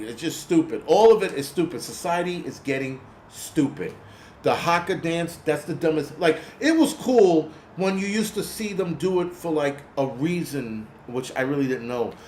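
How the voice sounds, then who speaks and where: A man's voice: a little high, reverberant, slight background noise. A man hosting his own channel, ranting bluntly and angrily with a lot of swearing. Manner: profane, blunt, angry ranting. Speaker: host. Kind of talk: ranting monologue.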